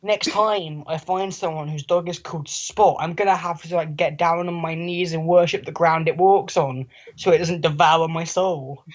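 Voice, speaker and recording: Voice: medium pitch, fairly even intonation, normal speed, hardly any pauses. A podcast co-host in casual chat, rambling and joking and slipping into quoted voices. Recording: muffled lo-fi recording.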